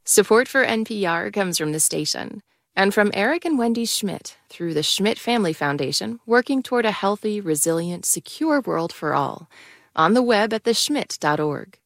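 A woman announcer reading funding credits in a steady, even manner. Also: medium pitch, normal speed, gravelly, dry recording. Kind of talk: scripted sponsor reads. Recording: dry close-mic studio.

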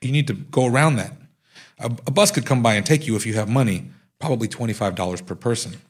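A man's voice: mid-range voice, quick pace, slightly rough, natural voice. A man doing a brash street-tough smuggler. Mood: earnest. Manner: slangy street talk, boastful. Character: brash tough male gang smuggler, joking.

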